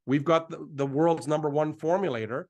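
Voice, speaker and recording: A middle-aged man hosts a live event with a slightly high voice. He pushes his pitch with excitable energy and keeps circling back over the same words. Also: moderate pace. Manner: excitable, repetitive, hyping himself up. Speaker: host of a sales presentation.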